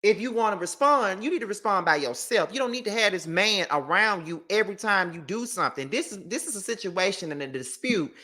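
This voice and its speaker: A woman's voice: medium pitch, animated, brisk, few pauses, sharp tone. A woman giving blunt, profane gossip commentary and reading text messages aloud. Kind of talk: opinionated commentary.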